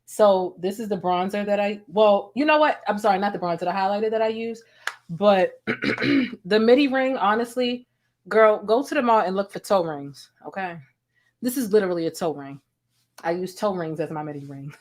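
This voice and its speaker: A woman's voice: mid-range voice, normal speed. A woman from Baltimore with a Baltimore accent, chatting casually to camera as a vlogger and talking to her cat now and then. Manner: chatty, talks to her cat between remarks. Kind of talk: casual commentary vlog.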